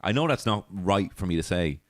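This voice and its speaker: Deep-voiced man, profane comic rambling. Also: animated, a little fast, no echo, studio quality. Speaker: comedy podcast host. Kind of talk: casual comedic monologue.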